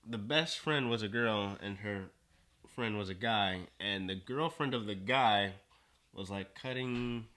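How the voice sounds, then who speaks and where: A man's voice: fairly low pitch, unhurried, bright, forceful tone. Hesitant young man rambling. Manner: hesitant, rambling with many fillers. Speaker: podcast guest. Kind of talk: casual chat.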